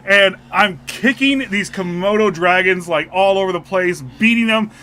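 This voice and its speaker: A man's voice: sits high, moderate pace, slight background noise. A man co-hosting a podcast, telling a story in casual chat and laughing often. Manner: animated storyteller, laughs a lot. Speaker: podcast co-host.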